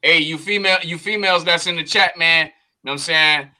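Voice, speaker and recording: Bright-voiced man plugging his tax business. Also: on the high side, brisk. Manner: promotional, easygoing, repeats phrases. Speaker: tax preparer panelist. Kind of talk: casual panel chat.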